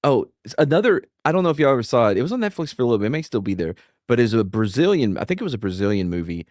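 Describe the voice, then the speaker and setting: A man's voice: medium pitch, rapid-fire, no echo, studio quality. A man on a podcast panel, telling stories with lots of asides. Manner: lively storyteller, lots of fillers and asides. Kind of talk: casual chat.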